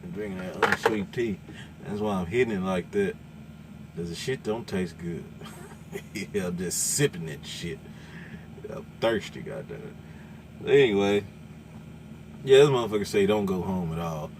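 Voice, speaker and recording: A man, a truck driver ranting loudly and cursing in casual talk from inside his truck cab. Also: low voice, animated, moderate pace, pauses often, slight background noise. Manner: loud, cursing, repetitive, laughing. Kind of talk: profane casual rant.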